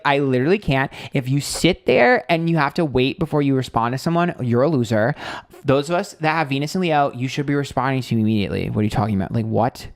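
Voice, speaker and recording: A man's voice: medium pitch, lively intonation, quick pace, dry recording, clean studio sound. A man reading tarot on a live stream, chatting casually, blunt and candid, ranting with swearing and lots of fillers.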